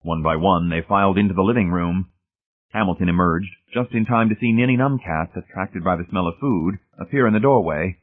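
A man with a husky voice narrating a story, reading steadily and shifting voices for the characters. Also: low-pitched, a little fast. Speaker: audiobook narrator. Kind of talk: scripted narration. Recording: tinny phone-like audio.

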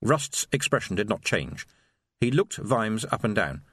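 A man narrating an audiobook in an expressive, wry storytelling voice. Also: lowish voice, a little slow, husky, no room sound, clean studio sound. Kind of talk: scripted narration.

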